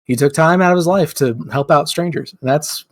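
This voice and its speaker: Brief: young male podcast co-host, casual rambling storyteller, slightly high voice, dry close mic. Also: fairly quick, no echo. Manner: rambling, lots of "like", acts out quotes.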